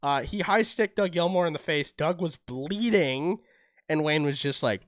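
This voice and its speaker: A man's voice: on the high side, moderate pace, no echo, studio quality. A young Canadian man co-hosting a podcast, telling stories in casual chat and acting out the quotes. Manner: animated storytelling, acts out quotes. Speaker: podcast co-host.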